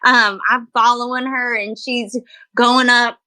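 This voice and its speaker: A woman guest on a podcast, telling stories in a lively way and laughing often. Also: on the high side, unhurried. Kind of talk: casual podcast chat.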